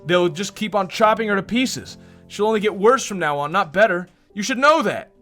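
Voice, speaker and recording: A man voicing a devoted, anxious young woman who pleads in a high, strained voice. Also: lively intonation, normal speed, pushed and bright, soft background music. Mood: pleading.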